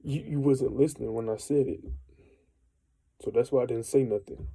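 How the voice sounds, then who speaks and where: A young man rambles through a frustrated, slang-heavy rant, swearing freely as he talks straight to the camera. His voice is very dark and gravelly, with a husky edge. His pitch sits in the middle range for a man. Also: fairly even intonation, moderate pace, pauses often, poor audio. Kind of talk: casual venting monologue.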